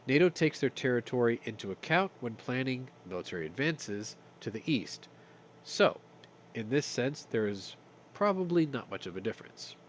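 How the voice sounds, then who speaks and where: A man's voice: mid-range voice, big pitch swings, normal speed, a little hiss or hum. A stuffy-nosed man hosting a casual news roundup, reading stories and adding sarcastic, profane jokes. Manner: sarcastic, swears, reads news then jokes. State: stuffy from sinuses. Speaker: news commentary host.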